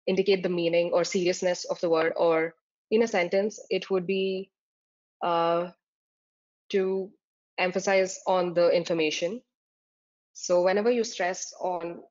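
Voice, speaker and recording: A woman's voice: fairly low pitch, darkish tone. A woman tutor giving a slide-based lecture, explaining terms step by step with frequent "uh" fillers. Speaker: exam tutor. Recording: dull lo-fi recording.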